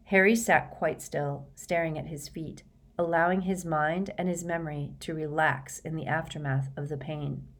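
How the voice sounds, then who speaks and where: A woman narrating a storybook aloud in a steady, measured way. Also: deep voice. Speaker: audiobook narrator. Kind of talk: scripted narration.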